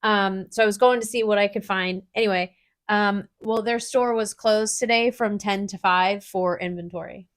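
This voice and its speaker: A woman's voice: mid-range voice, fairly even intonation, normal speed. A woman co-hosting a casual podcast, talking bluntly and animatedly and swearing casually. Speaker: podcast co-host.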